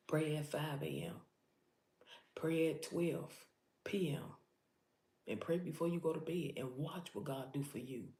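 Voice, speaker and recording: Speaking low and animated at a measured pace, a woman preacher pauses often, her dark-toned voice reverberating. In this impassioned motivational vlog she talks urgently to her audience, addressing them head-on and repeating lines for emphasis.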